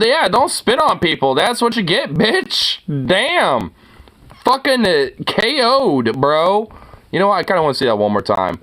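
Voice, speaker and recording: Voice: medium pitch, bright, forceful tone. A streamer giving casual, profane reaction commentary on viral clips, rambling with lots of filler words and mocking laughter. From United States.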